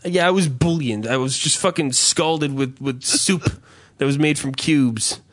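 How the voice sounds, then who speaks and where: A man's voice: medium pitch, measured pace. A man hosting a podcast, telling a rambling, profane comic story in casual chat. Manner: profane, rambling, animated rants. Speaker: podcast host.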